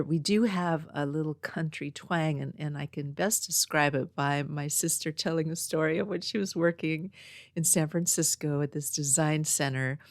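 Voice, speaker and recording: Woman podcast host from Northern California, low voice, dry close mic, casual meandering storyteller. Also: no echo. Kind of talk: casual chat. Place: home next to a small post office. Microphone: own podcast mic.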